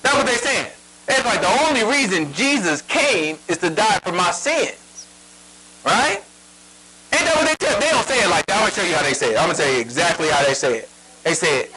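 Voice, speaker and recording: Lively, high-voiced, emphatic male preacher. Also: a little fast, slightly rough, low-quality recording. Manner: emphatic, asks rhetorical questions, prods the reader. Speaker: Bible teacher. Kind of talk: sermon.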